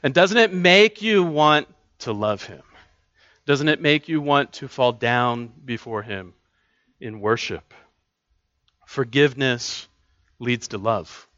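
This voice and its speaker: Bright earnest male preacher, dry sound. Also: mid-range voice, animated, takes it slowly, pauses often, no echo, muffled recording. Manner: earnest, conversational preaching with repeated restarts. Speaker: pastor. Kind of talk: sermon. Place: church.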